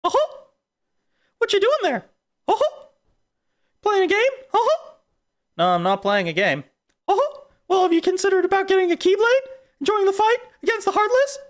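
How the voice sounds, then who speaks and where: A squeaky cartoon mouse. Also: sing-song, normal speed, long pauses. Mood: chirpy. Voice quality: high falsetto, repeated "uh-huh". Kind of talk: comedic impression on stream.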